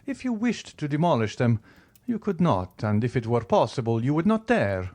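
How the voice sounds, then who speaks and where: A man's voice: medium pitch, big pitch swings, normal speed, darkish tone, pitched above the performer's own voice, natural voice. A man voicing the Count of Monte Cristo, suave and mocking. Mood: ironic. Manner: smooth, mocking courtesy. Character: wealthy, suave, coolly ironic male nobleman. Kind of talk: audiobook character reading.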